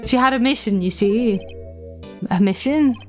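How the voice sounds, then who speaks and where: A woman's voice: fairly high pitch, a little slow, close to an everyday voice. A woman voicing a pompous, evasive older male lawyer from a video game, stammering out excuses, with faint game music behind her. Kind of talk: reading game dialogue aloud.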